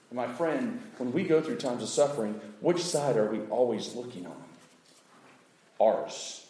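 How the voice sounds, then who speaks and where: A man preaching a sermon, animated, acting out little voices and swinging from loud outbursts to hushed asides. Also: a little high, moderate pace, roomy sound, rough recording. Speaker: pastor.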